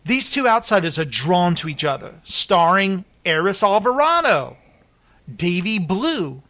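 A man's voice: high-pitched, very animated, a little slow, pushed and bright. A man hosting a casual chat who jokes around, reads film blurbs and stumbles over names. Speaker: host.

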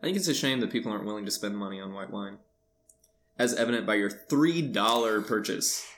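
A man's voice: on the low side, lively intonation, a little fast, fairly bright tone. A man co-hosting a podcast, teasing his partner in a dry, mock-confident casual chat. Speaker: podcast co-host.

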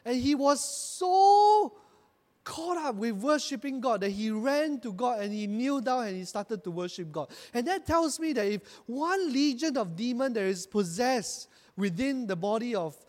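High-voiced preacher in a reverberant hall. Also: male voice, animated, normal speed, hardly any pauses. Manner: preaching with rising emphatic bursts; calls the congregation to repeat after him. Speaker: pastor. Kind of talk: sermon.

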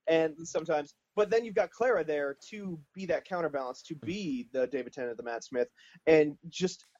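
A man co-hosting a podcast, talking in an animated, casual way with lots of "like". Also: on the high side, normal speed, lo-fi sound. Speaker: podcast co-host.

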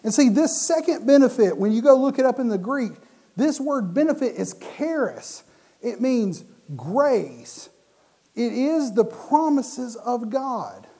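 A man preaching a sermon, animated and often restarting or repeating his words mid-sentence. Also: very high voice, measured pace.

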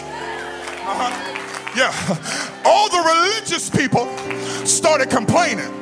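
A man's voice: very high-pitched, big pitch swings, measured pace, pauses often. A man preaching a sermon in a church, calling out to the congregation and building into sung, whooping phrases. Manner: call-and-response preaching, rising into sung whoops. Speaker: pastor. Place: church sanctuary with organ music behind. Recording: music playing under the voice.

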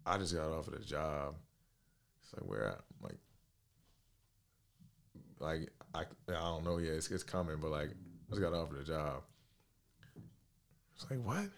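A young man in his twenties, telling a story in a casual chat, slangy and animated, acting out the dialogue. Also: rumbling low, unhurried, vocal fry, long pauses. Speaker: podcast guest.

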